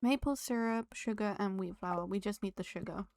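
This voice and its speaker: This woman's voice sits at medium pitch with a slightly mellow quality and a normal pace. She's live-streaming a farming game, chatting easily with viewers, addressing the game as well, and laughing a lot.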